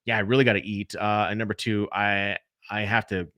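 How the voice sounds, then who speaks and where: Chatty guy hosting a live q&a stream, bright forceful voice, dry close sound, talks right to the viewers. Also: on the low side, little pitch movement, fairly quick, clear, resonant tone, dry recording. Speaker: podcast host.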